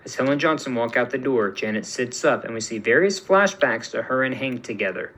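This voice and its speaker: A man's voice: mid-range voice, expressive, fairly quick, hardly any pauses, a bit bright, slight background noise, low-quality recording. Man plainly narrating a fan story. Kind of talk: reading a fan-written story aloud.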